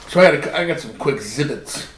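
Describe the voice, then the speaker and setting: A man's voice: a little high, animated, a little fast, distant mic. A man in casual podcast chat, telling a story in a laid-back, rambling way. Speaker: podcast co-host. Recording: gravelly voice in an echoey room, off mic, faint noise.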